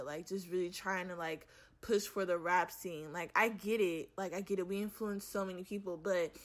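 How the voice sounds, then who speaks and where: A young woman, talking frankly to camera in a casual rant, exasperated, swearing freely and filling her speech with "like". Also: mid-range voice. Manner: frank and profane, heavy use of "like"; animated, exasperated. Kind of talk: casual ranting monologue to camera.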